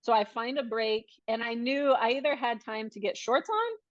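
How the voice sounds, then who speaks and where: A woman appears as a podcast guest and tells a personal story in casual conversation, animatedly acting out what the people in it said. Her voice is a little high and her speed normal, with no echo, and the podcast audio sounds dull and dry.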